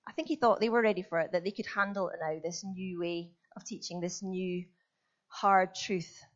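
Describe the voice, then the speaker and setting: A woman's voice: fairly low pitch, steady tone, normal speed, muffled recording. A woman preaching a sermon in a chatty, self-deprecating storytelling manner.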